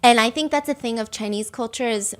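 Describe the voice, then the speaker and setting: A woman podcast host, recapping a dating show in casual chat, talking fast and lively and acting out quotes. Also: fairly high pitch, faint music behind. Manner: fast, animated, acts out quotes.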